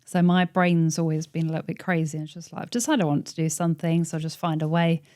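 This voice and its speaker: A woman's voice: low voice, fairly even intonation, quick pace, dark tone, no room sound, clean studio sound. A woman in her forties who owns a tailoring business, talking casually and laughing often, acting out voices in her stories. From England. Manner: chatty, laughs often, acts out quoted voices. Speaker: podcast host and tailoring business owner. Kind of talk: casual interview chat. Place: office.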